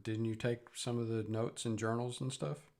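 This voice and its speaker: A man's voice: mid-range voice, level tone, moderate pace, darkish tone. A man narrating as game master of a tabletop game, hesitant, with many fillers.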